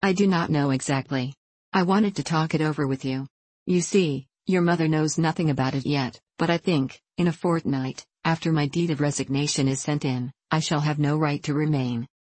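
A woman reading the part of a gentle middle-aged clergyman father who speaks slowly and hesitantly. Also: low voice, fairly even intonation, no echo. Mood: anxious. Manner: slow, measured, hesitant.

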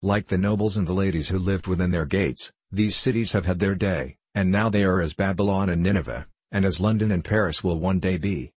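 Solemn male narrator, very low, husky, close and dry. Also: darkish tone, dry recording. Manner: solemn, measured storytelling. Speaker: audiobook narrator. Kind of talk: scripted narration of an adventure novel.

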